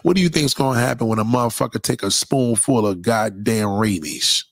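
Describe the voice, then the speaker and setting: A man's voice: lowish voice, fairly quick, no echo, studio quality. A man delivering a profane, preachy rant straight at his audience. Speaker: commentator. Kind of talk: impassioned monologue rant.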